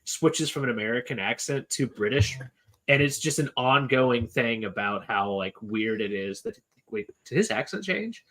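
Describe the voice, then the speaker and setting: A man with a bright, forward tone, talking at a medium pitch. He rambles casually on a podcast, full of fillers and offhand swearing. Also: animated, moderate pace, poor audio. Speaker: podcast co-host. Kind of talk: casual chat.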